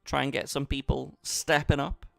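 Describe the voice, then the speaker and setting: A man's voice: medium pitch, flat delivery, moderate pace, vocal fry, pushed and bright, dry recording, soft background music. A man chatting casually with his viewers while he plays online poker, bantering and talking to the chat. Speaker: poker streamer. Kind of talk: casual live-stream commentary.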